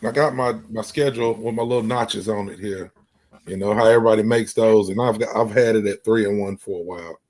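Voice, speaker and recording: A man chatting on a sports podcast in a relaxed, casual way. He pokes fun at himself as he explains his picks. His pitch sits in the ordinary middle range. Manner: self-deprecating, chatty.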